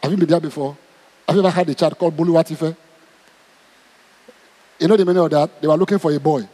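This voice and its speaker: A man's voice: a little high, fast talker. A man with a Nigerian accent preaching a sermon, asking his congregation question after question. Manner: animated, asks the crowd questions. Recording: long hall reverb.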